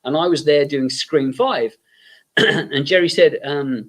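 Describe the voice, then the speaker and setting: A man's voice: mid-range voice, moderate pace, fairly bright tone. An English man, a guest makeup effects artist, telling long rambling anecdotes full of fillers and acted-out quotes.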